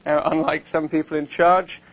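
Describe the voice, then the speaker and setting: A man's voice: on the high side, flat delivery, normal speed, slight background noise. A man giving a conference presentation to a live audience, talking in a wry, conversational way with frequent ums and uhs. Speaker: invited speaker.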